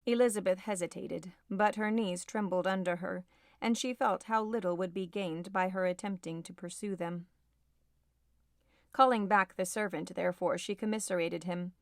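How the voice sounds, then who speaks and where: A woman narrating a classic novel as an audiobook, in a measured, expressive reading. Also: lowish voice, dry recording, studio quality.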